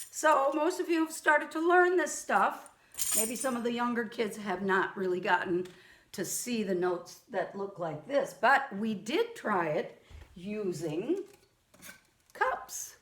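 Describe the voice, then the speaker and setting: Slow, gentle woman teaching kids music. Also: fairly high pitch, very animated, roomy sound. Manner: gentle, patient, speaks to young children; sings and chants rhythm syllables. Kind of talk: children's music lesson.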